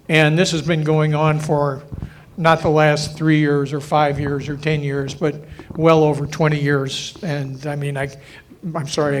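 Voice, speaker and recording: An older man on a panel, telling jokey personal anecdotes and laughing often. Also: a little high. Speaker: panel guest. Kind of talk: storytelling at a banquet panel.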